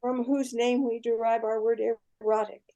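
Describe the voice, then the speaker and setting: An older woman, a guest on a podcast interview, retelling a myth in an animated way and often checking in with her listener. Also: fairly high pitch, normal speed, lo-fi sound.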